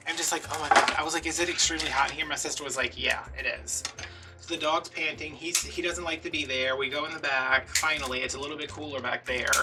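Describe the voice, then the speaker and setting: A man casually telling a story while crafting at home, animated and chatty, acting out the other people in it. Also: fairly high pitch, far from the mic. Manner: chatty, animated retelling with quoted dialogue. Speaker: vlogger.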